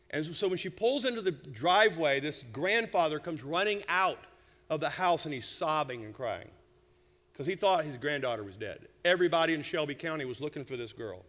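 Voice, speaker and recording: A middle-aged man preaching a sermon, telling a humorous family story with lively, animated delivery. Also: a little high, normal speed. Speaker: senior pastor. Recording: church hall reverb.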